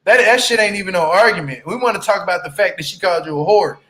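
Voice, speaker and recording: Pushed and bright, his voice sits high as this reality TV recap YouTuber tears through an episode in a crude, blunt, casual rant. Words get stretched for effect, and he keeps throwing "you hear me?" at the listener.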